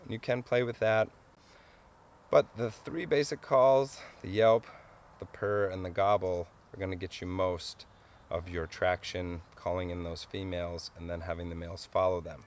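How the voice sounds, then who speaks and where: A man's voice: deep voice, level tone, normal speed. A man teaching a hands-on tutorial on calling wildlife, explaining in an easygoing, folksy way and chuckling often.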